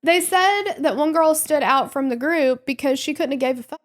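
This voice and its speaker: A woman in her thirties with a high voice, chatting casually as a podcast co-host. She talks loosely and laughs often with her co-host. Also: moderate pace. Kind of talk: casual chat.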